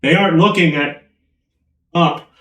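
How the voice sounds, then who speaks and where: A man narrates a tabletop game as game master, loose and halting with fillers. His voice sits somewhat high. He is heard from across an echoey room. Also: fairly bright tone. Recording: roomy echo, from far off.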